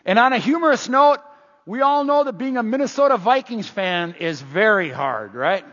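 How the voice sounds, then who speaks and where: A man's voice: high-pitched, expressive, normal speed, a bit bright. Older man preaching in an echoey church. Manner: folksy, conversational, emphatic repetitions. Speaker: pastor. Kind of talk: sermon. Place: church sanctuary. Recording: dull sound in a reverberant church hall.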